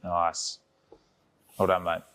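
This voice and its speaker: A man's voice: low-pitched, completely flat delivery, slow pace, a bit bright. A young man coaching a fitness class, counting down reps and encouraging his co-coach with friendly banter.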